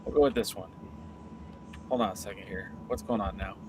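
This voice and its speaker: A man's voice: lowish voice, a little fast, a little hiss or hum. A man hosting a casual wrestling podcast, chatting easily while he fumbles with clips. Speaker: podcast host.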